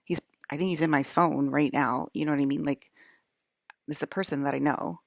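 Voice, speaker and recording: A woman's voice: deep voice, steady tone, fairly quick, gravelly, no room sound, studio quality. A woman vlogger talking in a casual, rambling monologue, hesitant and full of fillers.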